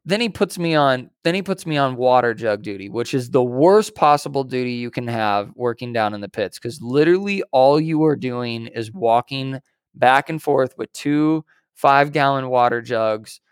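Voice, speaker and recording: A young man co-hosting a podcast, telling a story in a lively way, acting out other people's lines and swearing casually. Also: mid-range voice, moderate pace, clear, resonant tone, no echo, studio quality. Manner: animated storyteller, acts out quoted voices, swears casually. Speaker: podcast co-host.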